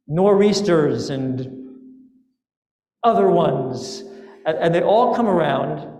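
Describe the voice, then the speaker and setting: A male rabbi telling a fable in his sermon, in a casual, animated way. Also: fairly high pitch. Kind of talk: storytelling sermon. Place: synagogue sanctuary. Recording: echoey sanctuary with long reverb.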